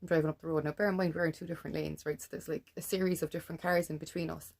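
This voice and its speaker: Gravelly low-voiced Irish woman ranting. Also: flat delivery, racing, a little mellow. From Ireland. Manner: blunt, swears freely, keeps adding "right?". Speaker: vlogger. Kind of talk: ranting monologue to camera.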